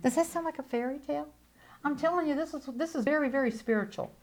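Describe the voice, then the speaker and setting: A woman with a drawl preaches her testimony in a somewhat high voice. She is emphatic, rising to loud proclamations and dropping to quiet, intimate asides. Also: fast talker. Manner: animated, emphatic, swings between loud declarations and hushed asides. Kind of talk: sermon testimony.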